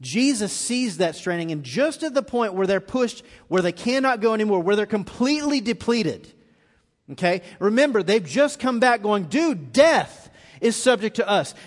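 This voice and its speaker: A man preaching a live sermon, his voice pitched high for a man and ringing through a large hall with a long reverb. He tells the story vividly, acting out the quoted lines and building in intensity as he goes. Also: very animated, moderate pace. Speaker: pastor. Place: church auditorium.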